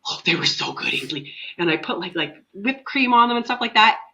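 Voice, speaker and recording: A middle-aged woman co-hosting a casual chat podcast, telling chatty, animated stories while sick with a cold. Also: medium pitch, a little fast, crowd noise. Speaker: podcast co-host, mother. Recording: dull lo-fi sound.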